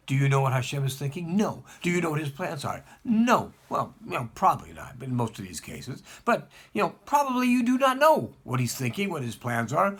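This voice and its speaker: A man's voice: medium pitch, vocal fry, a bit bright. A man speaking as a rabbi, giving an emphatic spoken lesson and repeating points to press them home.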